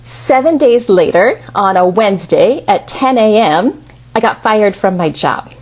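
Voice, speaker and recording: Expressive woman telling a story. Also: medium pitch, measured pace. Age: about 50. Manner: conversational and expressive. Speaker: speaker. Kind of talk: storytelling talk.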